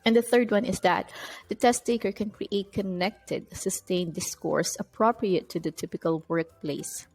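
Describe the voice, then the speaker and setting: A woman's voice: mid-range voice, unhurried, a little mellow, husky, soft background music, rough recording. Woman teaching a test-prep lesson. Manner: explanatory, stresses key terms. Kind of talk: recorded lecture.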